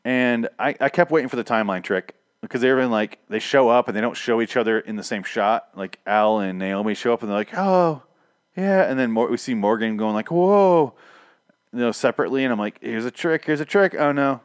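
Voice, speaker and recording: A man's voice: mid-range voice, expressive, fast, smooth, no room sound. A man casually recapping and reviewing a TV episode, rambling and sarcastic, swearing often and acting out the characters' lines.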